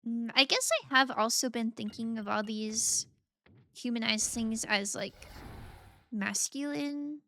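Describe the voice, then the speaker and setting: A woman's voice: on the high side, slow pace, pushed and bright, a little hiss or hum. A woman streamer chatting casually and playfully while gaming, rambling, giggling and reading out chat messages.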